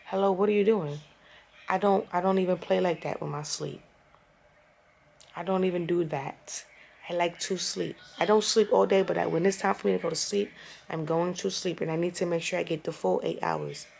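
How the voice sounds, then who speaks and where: A young woman vlogger, recorded at home, tells a casual storytime rant full of exasperation and profanity, animatedly retelling events. Her fairly low voice is gravelly and moderately paced, with a little hiss or hum in the background.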